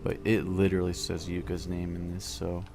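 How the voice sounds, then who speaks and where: A man playing a tabletop game, talking hesitantly with lots of fillers and soft trailing endings. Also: deep voice, completely flat delivery, normal speed, vocal fry, faint music behind. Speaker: player. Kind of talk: tabletop role-play chat.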